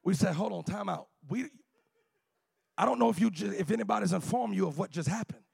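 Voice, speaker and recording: A male preacher shouts and chants through a sermon, each phrase led by an "uh," though he sometimes shifts to quiet storytelling. His voice is high-pitched, expressive, brisk and gravelly with a breathy edge, and there's no room sound.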